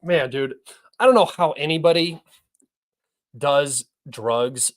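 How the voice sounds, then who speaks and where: A man's voice: fairly high pitch, slow. A young man hosting a livestream, talking through news articles in an offhand, rambling, opinionated way. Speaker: livestream host. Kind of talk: casual livestream news commentary.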